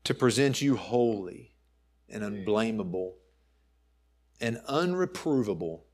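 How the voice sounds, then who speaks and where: A man preaching a sermon, emphatic, swinging between raised and hushed phrases and slowing to stress key words. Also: on the low side, animated. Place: church.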